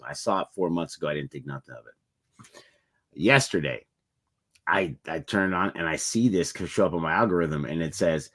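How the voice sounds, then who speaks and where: A man's voice: low voice, expressive, normal speed, a bit bright. A man co-hosting a motivational podcast, telling stories in a rambling, earnest way. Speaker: podcast co-host. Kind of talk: casual motivational chat.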